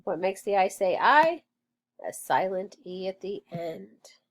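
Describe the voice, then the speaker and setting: Woman teacher, phonics lesson, very slow pace, clear sounding-out, encouraging. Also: medium pitch, animated, slight background noise. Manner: encouraging, sounds out words slowly. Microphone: online lesson recording.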